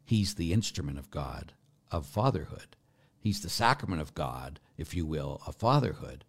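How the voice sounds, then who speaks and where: A man's voice: very deep voice, animated, moderate pace, creaky, husky. A middle-aged man, a Catholic priest, teaching about faith in a loose, conversational way, drifting into tangents and tossing rhetorical questions at his listeners. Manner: rambling, goes off on tangents, asks listeners rhetorical asides.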